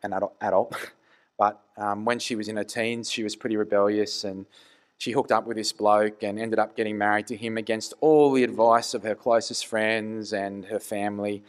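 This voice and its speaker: A man's voice: on the low side, little pitch movement, normal speed, clean tone. A man preaching a conversational sermon, earnest and full of rhetorical questions.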